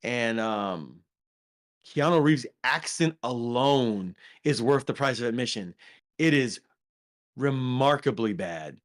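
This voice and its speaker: Speaking slowly but with animation, a man with a mid-range voice co-hosts a podcast. His casual movie review talk rambles, packed with ums and restarted sentences.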